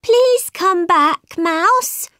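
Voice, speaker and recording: A woman's voice: high voice, sing-song, slow pace, fairly bright tone, no room sound, clean studio sound, voice pushed up, exaggerated voice. A woman doing Alice, a polite curious girl. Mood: earnest. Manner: earnest, eager to help.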